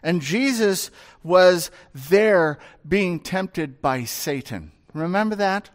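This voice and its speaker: A male pastor with a high, light voice gives an animated expository sermon. He doesn't rush, letting every point land slowly, and keeps turning to the congregation with rhetorical questions.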